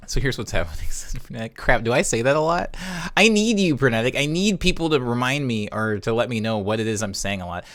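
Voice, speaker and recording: A man's voice: medium pitch, brisk, few pauses, fairly bright tone. A man casually chatting on a live stream from his home studio while producing music, humming and scatting notes aloud as he works. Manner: chatty, hums and scats chord notes aloud.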